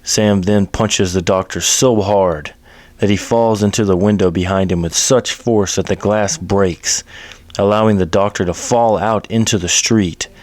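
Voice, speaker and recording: A man reading a western story aloud in a steady, plain narration. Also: on the low side, measured pace, no room sound.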